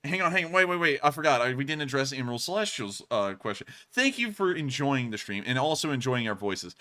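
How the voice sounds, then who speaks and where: A man in his twenties co-hosting a live stream, chatting casually and rambling with lots of fillers and restarts, deliberately raising his pitch. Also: very animated, pushed and bright. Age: 20s. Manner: speaks in a deliberately raised pitch. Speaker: stream co-host.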